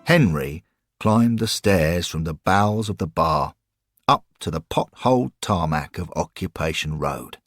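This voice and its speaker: A man narrating a scripted audio story in a measured way. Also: deep voice, lively intonation, no room sound, soft background music.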